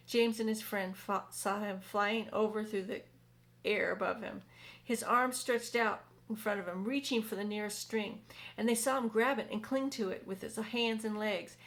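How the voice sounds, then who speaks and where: A woman reading a children's book aloud in a community hall, steady with small slips and self-corrections. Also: medium pitch, moderate pace. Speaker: reader.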